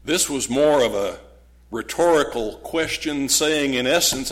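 Male preacher going slow and emphatic, mid-pitched voice, punches key words hard. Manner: emphatic, with dramatic pauses and sudden loud stresses; acts out voices of critics with mock gasps. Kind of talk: sermon.

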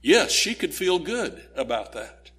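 A man's voice: fairly high pitch, very animated, measured pace, a bit bright. Earnest male preacher explaining scripture. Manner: earnest, explanatory, asks rhetorical questions. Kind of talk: sermon.

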